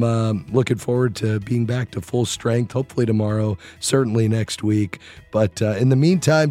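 A man with a scratchy, hoarse voice hosting a faith-based money radio show, earnestly appealing for donations with frequent pauses. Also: lowish voice, warm tone.

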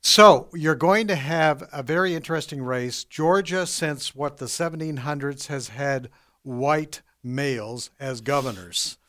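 A man from Canada co-hosting a radio talk show in a studio, running through news items briskly with wry asides. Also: fairly high pitch, a bit bright. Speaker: radio co-host reading news.

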